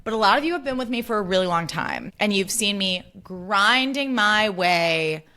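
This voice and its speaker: A woman's voice: medium pitch, animated, moderate pace, sharp tone. Young woman host, bubbly chatty delivery, casual swearing, solo podcast chat.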